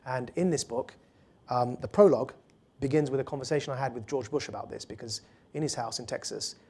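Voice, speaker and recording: A man, an author and guest speaker, answering audience questions at a public talk in an earnest, fluent way, with quick restarts. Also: mid-range voice, darkish tone, breathy edge.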